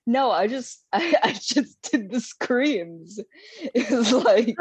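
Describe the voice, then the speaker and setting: A woman's voice: on the high side, animated, slow pace, husky, no room sound. A woman chatting casually on a podcast, telling a story with frequent giggles.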